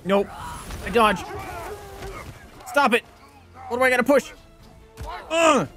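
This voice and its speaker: A high-voiced, excitable young man streaming a game, leaping all over his range as he whoops, swears and yells at the screen. He drawls between outbursts, with faint music playing underneath. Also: slow. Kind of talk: excited gameplay commentary.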